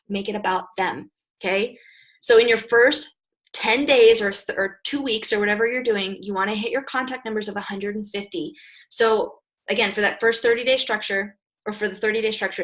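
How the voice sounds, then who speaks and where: A young adult woman giving an energetic, direct coaching talk to her sales team, often checking in with "okay?". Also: on the high side. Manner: energetic, direct, emphatic, repeats "okay?" and "you guys". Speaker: network marketing team leader.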